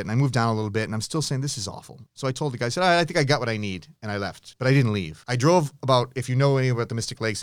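A middle-aged man, a photographer and teacher, answering interview questions with animated anecdotes, acting out voices and restarting often. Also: lowish voice, dry recording, studio quality. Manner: many restarts and fillers.

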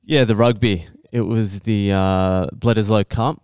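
A man's voice: lowish voice, fairly even intonation, unhurried, darkish tone, clear, resonant tone, dry recording, studio quality. A young man on a podcast telling a story in casual talk, swearing constantly and laughing now and then.

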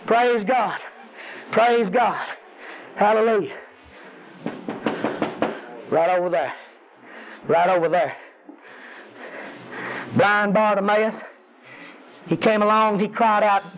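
A man preaching a sermon, calling out to the congregation and climbing to high, intense peaks. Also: expressive, measured pace, long pauses, a little hiss or hum. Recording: dull lo-fi audio.

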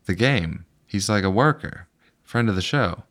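Low-voiced man riffing on movies. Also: measured pace. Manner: joking, animated riffing, swears. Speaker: podcast co-host. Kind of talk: casual movie chat.

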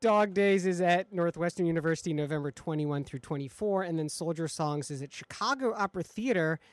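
A man's voice: on the high side, brisk, dry recording. A man hosting a live radio talk show in a studio, upbeat and chatty, laughing easily.

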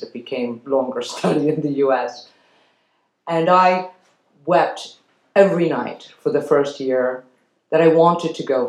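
A woman's voice: low-pitched, darkish tone, echoey room, rough recording. A woman from Venezuela giving a public lecture, telling her story in an earnest, emphatic way. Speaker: guest lecturer. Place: lecture hall.

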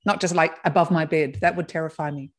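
A woman hosting an interview, asking gentle questions and encouraging her guest. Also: low voice, fairly even intonation, quick pace. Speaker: interview host. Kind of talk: casual interview.

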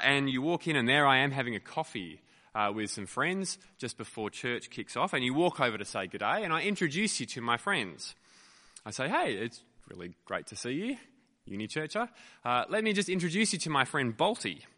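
A male pastor preaching a sermon, telling stories in an animated way with frequent fillers, in a lecture theatre used as a church. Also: mid-range voice, long reverb tail. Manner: animated storytelling with many fillers.

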